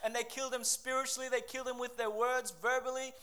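A man preaching a sermon with a lively, conversational delivery, full of quick asides and acted-out quotes. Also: very high-pitched. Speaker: pastor.

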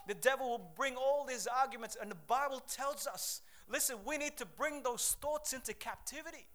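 A man preaching an energetic sermon, reading Bible verses and calling out to the congregation for a response. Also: very high voice, moderate pace, hardly any pauses.

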